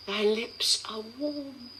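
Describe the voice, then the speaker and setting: An actress playing a desperate, tender young noblewoman in Shakespearean verse, speaking in a hushed voice. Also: a little high, slow pace, noisy background. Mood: hushed grief. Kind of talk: Shakespearean stage acting.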